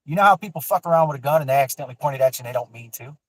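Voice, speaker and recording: A man's voice: mid-range voice, expressive, rapid-fire, no echo, low-quality recording. A man tells a long personal story in a casual, rambling way. He swears freely and circles back through fillers and restarts. The recording is close and dry, with no room sound. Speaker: guest telling a personal story.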